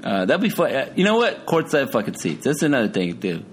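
A man's voice: mid-range voice, wildly swooping pitch, fairly quick, slight background noise. A man hosting a casual chat show, rambling and joking, swearing freely.

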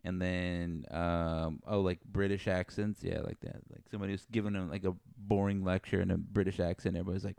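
Deep gravelly man joking around. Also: level tone, fast talker, few pauses, dark tone, no echo. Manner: joking, teasing, dry sarcasm. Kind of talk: casual chat.

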